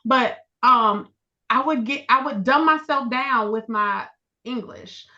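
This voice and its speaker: A woman's voice: a little high, slow pace. A woman from the Midwest with a light Southern accent, telling a story in a casual chat and acting out quotes. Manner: animated storyteller, laughs often, acts out quotes. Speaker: podcast co-host. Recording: dull lo-fi audio.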